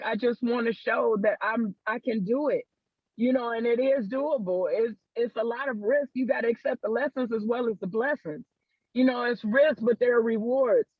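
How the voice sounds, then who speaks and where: A man with an unusually high voice gives an earnest testimony on a group call, slipping into quoted family dialogue as he goes. The audio is dull and muffled, and it sounds close and dry. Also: husky, dry recording. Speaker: call participant.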